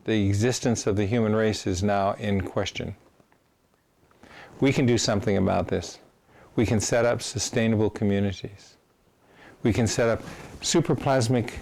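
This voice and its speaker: A man teaching his own method, telling animated anecdotes with frequent restarts. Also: lowish voice, slight background noise. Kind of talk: storytelling lecture.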